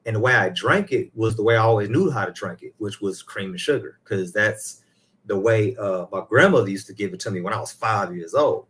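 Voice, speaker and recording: A man's voice: on the low side, fairly quick, a bit bright. A man, an elder of a ministry, talking casually about faith and his own life, rambling and putting in a hallelujah now and then.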